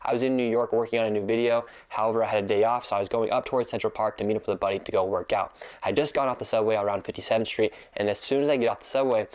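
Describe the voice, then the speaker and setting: Quick scripted voice-over, man with a lowish voice, earnest and indignant. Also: fairly even intonation, a little mellow. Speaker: video creator narrating. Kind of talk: scripted narration.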